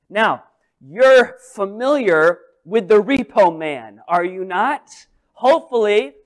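Preaching in a high, smooth, clear voice, a male pastor addresses his congregation in a conversational, funny way. He alternates between loud, emphatic lines and quiet asides.

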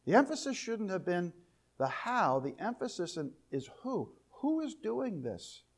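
A man's voice: high voice, darkish tone. A man teaching a Bible lesson, reading verses aloud and explaining them, often repeating his key questions with rising emphasis. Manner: reads scripture aloud, then explains it.

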